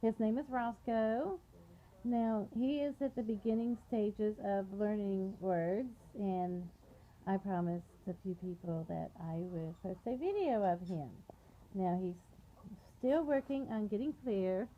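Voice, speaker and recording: A woman's voice: medium pitch, unhurried, a little hiss or hum. A woman, chatty and doting, filming a casual video at home with a handheld camera. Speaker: pet owner vlogger. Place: at home with pets. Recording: dull home recording.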